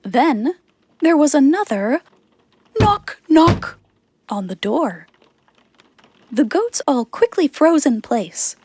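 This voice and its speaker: A woman narrating a children's fairy tale in a slow, expressive reading. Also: sits high, background noise. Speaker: storyteller.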